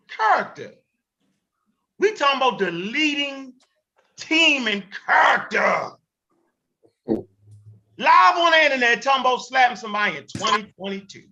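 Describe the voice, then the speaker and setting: A man hosting a show, giving heated commentary in an animated, emphatic and profane way, often repeating himself. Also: extremely high pitch. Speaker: host. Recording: dull lo-fi recording.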